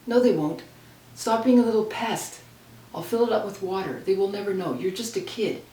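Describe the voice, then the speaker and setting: A woman voicing a scornful teenage older sister, loud and sharp, in a roomy, distant home recording. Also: on the low side, lively intonation, normal speed, natural voice.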